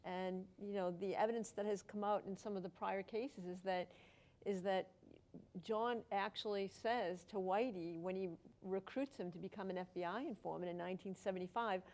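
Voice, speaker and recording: A woman, an author answering a question at a book talk, explaining in a measured way with a few stumbles. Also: mid-range voice, a little mellow. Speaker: author and journalist.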